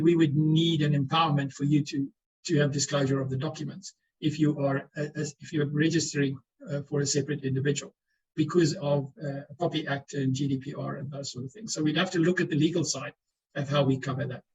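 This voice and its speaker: Dull video-call audio carries a fairly quick, level-toned man whose voice is on the high side and a bit mellow. As a webinar panellist he gives earnest explanatory answers, repeating words whenever he restarts.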